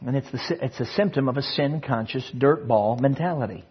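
A husky-voiced man preaching an emphatic sermon, dropping to hushed asides and then rising into loud proclamation. His voice has a mid-range pitch. The recording sounds dull and lo-fi. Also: fairly quick.

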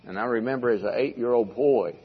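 A man's voice: medium pitch, fairly quick, husky, phone-quality sound. An older man preaching a sermon to a congregation, emphatic and given to repeating key phrases. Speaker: pastor. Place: church congregation room.

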